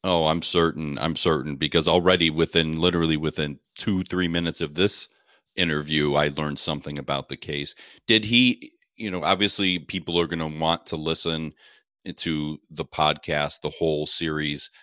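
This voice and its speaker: A man's voice: rumbling low, steady tone, normal speed, fairly bright tone, dry recording, studio quality. A male interviewer asking questions hesitantly and restarting his sentences. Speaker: interviewer, host. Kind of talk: casual interview chat.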